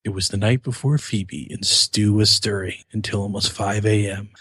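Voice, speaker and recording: A man's voice: on the low side, steady tone, moderate pace, a bit bright, slightly rough, dry recording, clean studio sound. A man co-hosting a casual gaming podcast, telling a story in a meandering way with frequent self-corrections. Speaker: podcast co-host.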